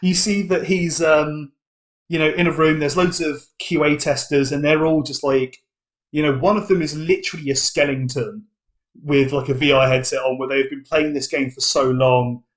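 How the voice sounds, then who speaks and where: A man's voice: fairly high pitch, steady tone, normal speed. A British man running a comedic tabletop game as game master, narrating in a rambling, playful way. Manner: rambling, playful, full of "basically" and "like".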